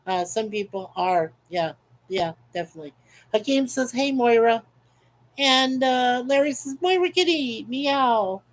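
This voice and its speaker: A man hosting a casual livestream, chatty and playful as he reads viewer comments aloud. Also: high voice. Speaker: livestream host. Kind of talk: casual live chat. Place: home in Canada.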